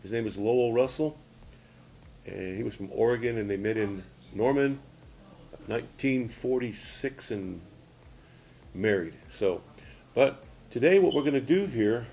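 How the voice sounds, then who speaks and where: A man's voice: medium pitch, lively intonation, measured pace, vocal fry, pauses often, darkish tone, a little hiss or hum. Plain-spoken man in his sixties teaching. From Oklahoma. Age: 60s. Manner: plain-spoken, repetitive, frequent "okay?" and "see?" checks. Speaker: language teacher. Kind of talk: casual spoken lesson.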